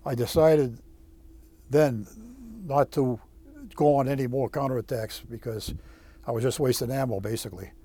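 A man, a former Marine, telling his war story in an interview, halting with many restarts and blunt swearing. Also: medium pitch, fairly even intonation, warm tone, husky. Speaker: veteran interviewee. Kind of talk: oral history storytelling.

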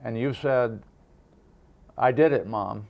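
A man interviewing a veteran for an oral history, asking gentle follow-up questions. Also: medium pitch, slow pace, vocal fry. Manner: gentle prompting questions, restating answers.

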